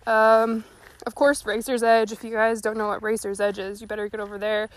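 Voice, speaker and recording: A young woman chats on her podcast while walking, slightly out of breath. Her voice sits a little higher than usual, and she rambles in a folksy, earnest way. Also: level tone, brisk. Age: young adult. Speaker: podcast host. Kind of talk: casual solo talk. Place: walking outdoors.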